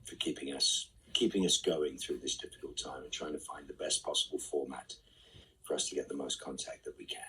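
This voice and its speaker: A man's voice: extremely low pitch, fairly bright tone, slightly rough, distant mic, poor audio. A middle-aged man reading fan questions aloud on a live stream and answering them with dry, wry quips. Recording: voice set back from the mic.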